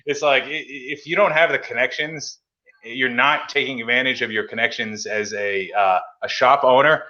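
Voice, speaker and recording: A man's voice: medium pitch, brisk, sharp tone, lo-fi sound. A man from Massachusetts hosting a casual hobby chat, telling stories and acting out quoted phone calls. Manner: chatty storyteller, acts out quoted phone calls. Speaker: podcast host.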